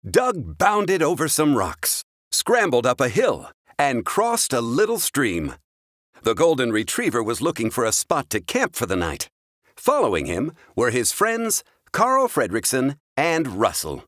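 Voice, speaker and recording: Male narrator for a kids' storybook, animated pitch, dry close sound. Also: a little slow, no room sound. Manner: clear, expressive storytelling. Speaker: storybook reader. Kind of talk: children's storybook read-aloud.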